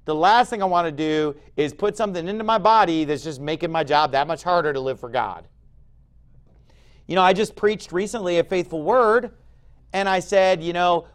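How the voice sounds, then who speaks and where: A pastor in his forties preaching a sermon in an emphatic, conversational way, with sudden loud bursts. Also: high-pitched.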